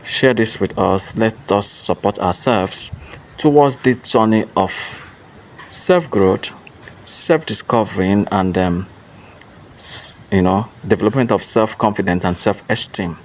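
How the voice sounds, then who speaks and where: A man's voice: fairly low pitch, a little slow. A man giving an earnest motivational monologue as a self-help speaker, repeating rhetorical questions. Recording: distant mic with faint traffic noise.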